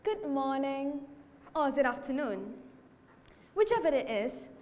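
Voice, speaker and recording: A student actress performing the Cheshire Cat as a playful, riddling stage monologue in a hall. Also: female voice, high-pitched, big pitch swings, measured pace, darkish tone. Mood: teasing. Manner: playful, teasing, theatrical. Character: sly riddling Cheshire Cat, grinning and teasing. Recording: reverberant hall.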